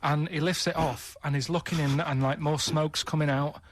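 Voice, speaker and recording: A man's voice: fairly high pitch, fairly even intonation, moderate pace. A man on a radio show telling a long, rambling story in a plodding way, repeating himself and checking in with "right?" at every turn. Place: radio studio.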